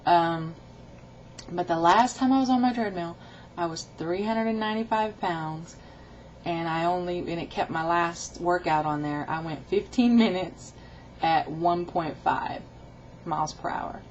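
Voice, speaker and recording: A woman's voice: on the low side, unhurried, dull audio, slight background noise. A middle-aged woman recording a casual video diary about her weight loss, rambling and chatty as she tells a story with quoted dialogue.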